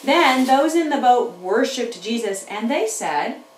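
A woman teaching children's church, telling a Bible story to young kids in an animated way and chatting with her puppets. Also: a little high, a little slow, slight background noise. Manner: animated, talks back to puppets. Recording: roomy room, mic at a distance.

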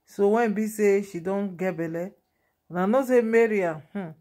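A woman with a Nigerian Pidgin accent, talking straight to her viewers in a casual gossip vlog. She is chatty and animated and laughs along at the story. Her voice sits at a middle pitch for a woman. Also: moderate pace. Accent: Nigerian Pidgin English. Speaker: vlogger.

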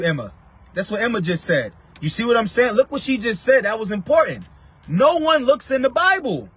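High-voiced, husky man preaching fiery. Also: no room sound. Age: 30s. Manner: forceful, repetitive, bursts into shouting. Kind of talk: fiery street-style preaching.

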